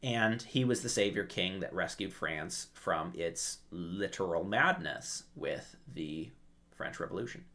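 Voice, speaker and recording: Animated low-voiced male commentator. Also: a little slow. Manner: animated storytelling, acts out quotes. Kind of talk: casual history commentary.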